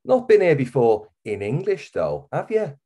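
A man's voice: a little high, huge pitch swings, moderate pace, warm tone, voice pushed up. A man playing a hammy Wirral pirate-teacher. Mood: teasing. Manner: hammy growling pirate put-on. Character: jaded hungover male English teacher.

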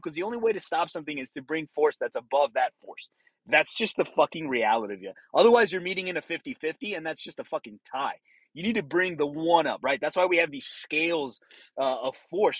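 Middle-aged ex-cop type, husky, slightly high voice, blunt and profane, dry close sound. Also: male voice, fairly bright tone, no echo, poor audio. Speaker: former police officer. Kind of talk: casual monologue.

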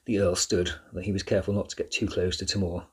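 A man narrating a children's novel chapter by chapter in a measured, steady reading. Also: sits low, slightly rough. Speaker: audiobook narrator. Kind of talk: scripted storybook narration.

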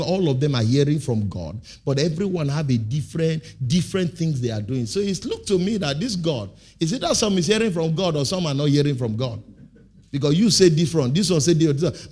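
Pastor preaching call-and-response. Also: male voice, a little high, husky. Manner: call-and-response preaching, leaving blanks for the congregation; emphatic, with sudden loud, drawn-out bursts. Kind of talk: sermon.

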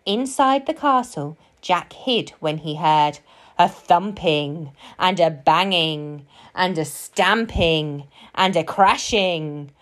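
A woman reading a children's story aloud, slow and expressive. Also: fairly low pitch. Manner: slow, sing-song and expressive. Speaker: storybook reader.

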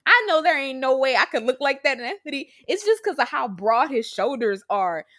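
Giggly young woman gushing, lively voice. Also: high voice, fairly quick, no room sound, studio quality. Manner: giggly, gushing, laughs often. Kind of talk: casual fan chat.

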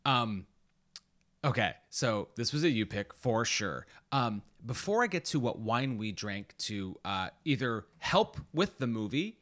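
A man's voice: medium pitch, big pitch swings, measured pace, fairly bright tone. A man co-hosting a podcast, chatting casually and teasing his co-host in joking banter. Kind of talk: casual chat.

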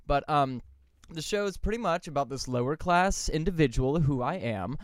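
A man's voice: a little high, lively intonation, moderate pace. A man, a lead stage actor, chatting casually in an easygoing, wry way. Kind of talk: casual chat.

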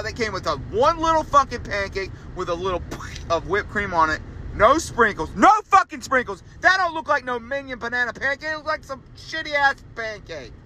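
A young man rants on his solo podcast, cursing freely and often leaping into loud, high exasperated outbursts. His voice is very bright and fairly high. Faint noise sits under the recording. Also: low-quality recording. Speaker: podcast host.

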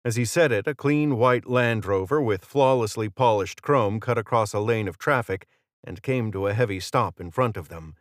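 A man narrating an audiobook in a steady, even storytelling manner. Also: on the low side, normal speed, dry recording, studio quality.

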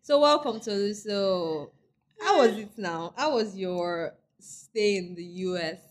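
A woman's voice: mid-range voice, slow pace. A Nigerian woman hosting a casual chat, teasing her guest and laughing often, mixing in Yoruba. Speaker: podcast host.

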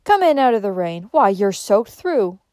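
A woman reading a storybook, voicing a kindly old man who calls out warmly and heartily to a visitor. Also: mid-range voice, fairly quick, vocal fry, no echo, studio quality, lightly acted. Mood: welcoming. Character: kindly old man, warm and welcoming host.

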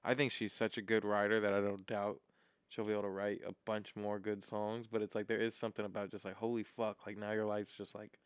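A man co-hosting a podcast, talking loosely and excitedly with lots of filler words. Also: fairly low pitch, brisk, clear, resonant tone, dry recording, clean studio sound. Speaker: podcast co-host. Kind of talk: casual chat.

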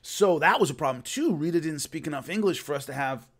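A man's voice: on the high side, animated, fast talker, breathy edge. A man casually telling a long rambling story about filming, with many restarts. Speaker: host recalling filming a fight show.

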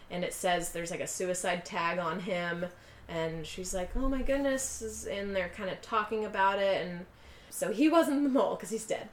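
A woman casually recapping a film, acting out the characters' lines in quick voices as she tells it. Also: fairly low pitch, reverberant. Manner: animated retelling, acting out quotes in quick voices. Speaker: podcast co-host recapping a film. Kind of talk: casual chat.

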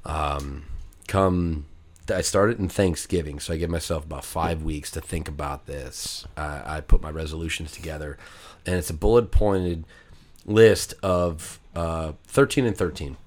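A man telling a long story to friends on a casual chat show, swearing freely and jumping into high voices when quoting people. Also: unhurried. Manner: animated, profane, jumps into high voices for quoted people. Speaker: podcast regular telling a story.

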